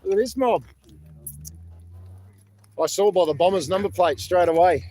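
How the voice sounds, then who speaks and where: A man's voice: high voice, unhurried, pauses often, dark tone. A middle-aged Australian man casually chatting while filming outdoors at a protest camp, jovial and laughing often.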